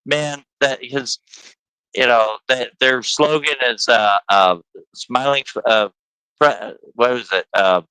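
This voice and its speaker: A man's voice: mid-range voice, slow pace, pushed and bright, clean tone, no room sound, rough recording. A man hosting a casual livestream chat, rambling and laughing as he talks. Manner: chatty, laughing, stumbling restarts. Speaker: host.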